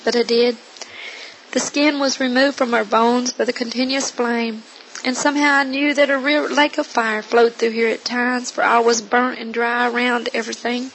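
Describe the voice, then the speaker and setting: A woman's voice: a little high, a bit bright, slight background noise, low-quality recording. A woman earnestly reading her own first-person testimony in a solemn manner. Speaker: narrator.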